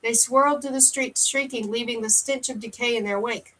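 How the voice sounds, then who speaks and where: A woman's voice: on the high side, fairly quick, rough recording. Woman reading a novel aloud. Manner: steady first-person narration with occasional slips. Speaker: audiobook reader.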